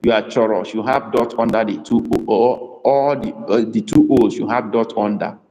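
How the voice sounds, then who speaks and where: A man's voice: lowish voice, normal speed, warm tone. Chatty Nigerian man teaching in an echoey room. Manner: chatty, teasing, calls on students by name. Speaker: Igbo language tutor. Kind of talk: live online language lesson.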